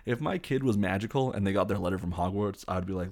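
A man's voice: low-pitched, fast, a little mellow. A man giving a casual, rambling, jokey recap of a film scene by scene, with lots of fillers. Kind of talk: casual movie recap commentary.

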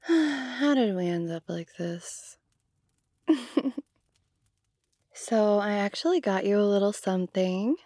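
A woman's voice: medium pitch, lively intonation, takes it slowly, long pauses, mellow, dry recording, studio quality. A young woman performing an audio role-play to the listener, talking casually and giggly, with lots of "like".

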